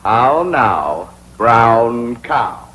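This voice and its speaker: A pompous, florid society fop. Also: male voice, medium pitch, big pitch swings, measured pace, low-quality recording. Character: pompous young society suitor, lovesick. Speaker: self-styled etiquette tutor. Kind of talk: 1960s sitcom acting.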